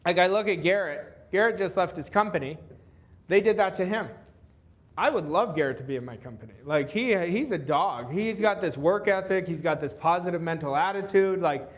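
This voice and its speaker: High-voiced guy coaching a room, earnest, keeps repeating himself. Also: normal speed. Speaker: business coach leading a live workshop. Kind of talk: motivational seminar talk. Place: event stage.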